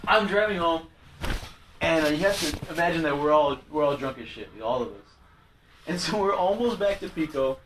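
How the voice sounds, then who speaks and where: A man's voice: fairly high pitch, expressive, moderate pace, noisy background. A man telling a rowdy story in casual chat with friends, laughing often and acting out what people said. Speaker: podcast host.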